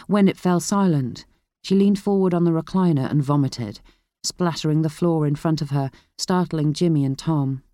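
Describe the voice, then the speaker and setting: An audiobook narrator reading a thriller in a steady, measured way. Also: mid-range voice, dry recording, clean studio sound. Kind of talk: scripted narration.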